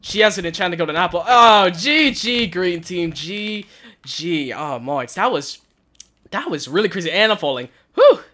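A young man wearing a headset, giving nervous, excited gameplay commentary and crying out in panic as he plays. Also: high-pitched, normal speed. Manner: nervous, shouts and cries out in panic. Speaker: gaming channel host. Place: hot room at home.

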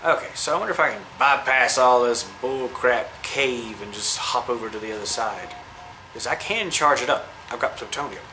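A man giving chatty, excitable let's-play commentary, cooing at the creatures he meets. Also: mid-range voice, normal speed, slight background noise, poor audio. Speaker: gamer.

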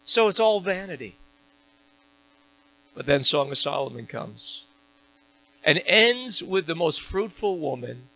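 A pastor preaching in a church, his gravelly voice bright and cutting, pitched a little high for a man. He drives his points with punchy questions and answers them himself. A faint mains hum sits under the recording. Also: sing-song, slow, pauses often, low-quality recording. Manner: preaching with rising, emphatic call-and-response questions. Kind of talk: sermon. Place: church sanctuary.

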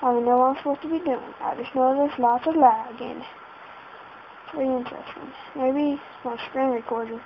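A woman's voice: high voice, fairly even intonation, moderate pace, a little hiss or hum. Flustered woman gamer, dull lo-fi audio. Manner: flustered, keeps exclaiming in panic. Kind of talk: casual let's-play commentary. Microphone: laptop setup. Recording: dull lo-fi home recording.

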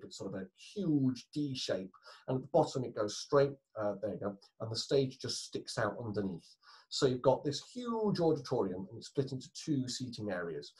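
Male history teacher, conversational lecture, lively varied pitch. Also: slightly rough, rough recording. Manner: chatty, explains with asides and self-corrections. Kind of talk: recorded lesson.

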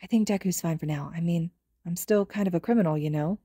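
A woman reading the part of a weary teenage boy who talks flat and deadpan. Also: fairly low pitch, quick pace, husky, no echo, clean studio sound.

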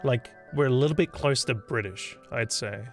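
Gravelly Australian man thinking aloud. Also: medium pitch, moderate pace, soft background music. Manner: rambling, thinks aloud with trailing restarts. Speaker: streamer and game developer. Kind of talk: casual live-stream chat while coding.

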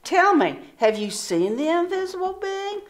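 A woman's voice: very high voice, big pitch swings, unhurried, pitched above the performer's own voice, heavily acted. A woman reading a storybook aloud and voicing a stern, wise woman who firmly questions visitors and sends them away. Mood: testing. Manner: firm, questioning, commanding. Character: stern, wise woman guarding her invisible brother.

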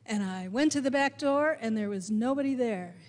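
A woman pastor preaching a sermon, telling a personal story in a slow, gentle way with emphatic rises. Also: on the high side. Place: church sanctuary. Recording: reverberant church sanctuary.

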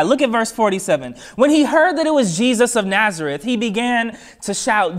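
A man preaching a sermon as pastor, with a measured, repetitive cadence that builds to emphatic rises. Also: very high-pitched, lively intonation, fairly bright tone. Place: church.

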